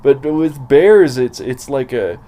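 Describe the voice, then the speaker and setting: A man's voice: mid-range voice, lively intonation, slow, warm tone. A man chatting casually as a podcast co-host, rambling and emphatic, swearing freely. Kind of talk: casual chat.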